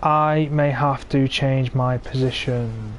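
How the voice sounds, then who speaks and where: Slow and steady, his medium-pitched voice comes with a bit of background noise. He's a twentysomething from England live-commentating his tank game stream, moaning sarcastically about teammates over a cheap gaming microphone.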